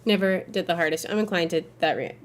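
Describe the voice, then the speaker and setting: Woman, game streamer, casual gameplay commentary, rambling and chatty, talks to chat, somewhat low voice. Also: quick pace, slight background noise. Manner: talks to her chat while playing.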